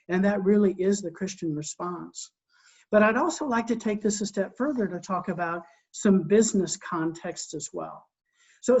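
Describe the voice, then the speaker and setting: A middle-aged Christian leadership coach gives an earnest, conversational teaching talk in a high-pitched, darkish voice. He often repeats words as he starts a sentence and poses rhetorical questions to his listeners, captured in a dull lo-fi recording.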